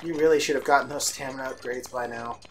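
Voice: mid-range voice, steady tone, quick pace, slight background noise. A co-commentator on a let's play, making dry, teasing remarks about the game. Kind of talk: casual gaming chat. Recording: game music in the background.

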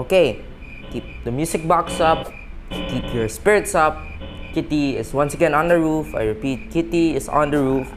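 A man gives let's-play commentary through a tense horror game. His voice sits a touch high, and he flips between panicky chatter and whoops as he counts seconds aloud and talks to his viewers. Game music plays clearly behind him. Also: normal speed. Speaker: gaming channel host.

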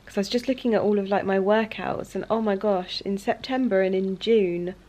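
A young woman vlogging at home in a chatty, casual way, often dropping to soft, hushed speech. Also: mid-range voice, fairly even intonation, a little fast. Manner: chatty, with frequent fillers like "like" and "um". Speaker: lifestyle vlogger. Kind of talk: casual chat to camera.

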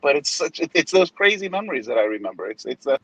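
A pastor in his forties in casual chat, an animated storyteller who acts out the people he quotes. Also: a little high, fast talker, husky, dry recording, lo-fi sound.

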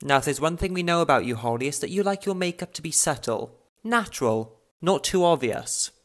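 A man's voice: a little high, expressive, brisk, fairly bright tone. A young man giving a challenge in a recorded video message, theatrical and teasing.

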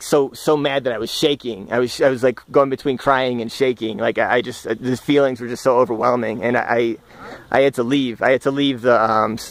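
A man recording a personal reflection vlog outdoors, speaking in an earnest, halting, searching way and often restarting his phrases. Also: medium pitch. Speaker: vlogger. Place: outdoors, walking in the countryside.

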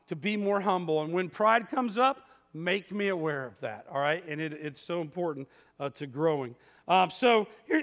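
Bright-voiced pastor in his fifties. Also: sits high. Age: 50s. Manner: storytelling, conversational and self-mocking. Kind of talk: sermon. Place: church sanctuary. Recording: long church hall reverb.

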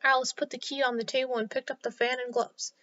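A woman storyteller reading a children's story aloud in a clear, expressive way. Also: sits high, fast talker. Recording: slightly dull lo-fi sound.

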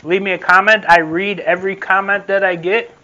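Bright high-voiced man reviewing food. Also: fairly even intonation, fairly quick, muffled recording. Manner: repetitive, rambling, friendly sign-off. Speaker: food vlogger. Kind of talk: casual taste-test review.

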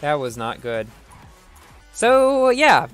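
A man's voice: a little high, very animated, slow, soft background music. An American man giving chatty, giggly commentary while streaming a racing game and answering his chat. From United States. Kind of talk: live gaming commentary.

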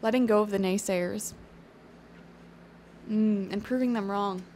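A woman's voice: mid-range voice, steady tone, a little slow, darkish tone, slight background noise. A woman giving a casual, encouraging tarot reading, chatty and thinking aloud with fillers. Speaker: tarot reader.

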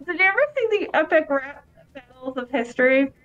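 A woman with a slightly higher voice chatting easily over a retro game session. She talks in a relaxed, friendly way and laughs often. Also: a little fast, dull audio, soft background music. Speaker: game co-host. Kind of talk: casual let's-play chat.

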